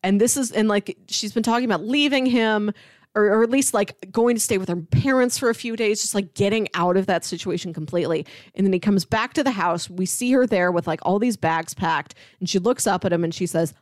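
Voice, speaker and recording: A woman's voice: medium pitch, brisk, no room sound, studio quality. A woman co-hosting a podcast, casually recapping a drama episode and animatedly acting out the characters' lines. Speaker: podcast co-host. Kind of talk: casual chat recapping a TV show.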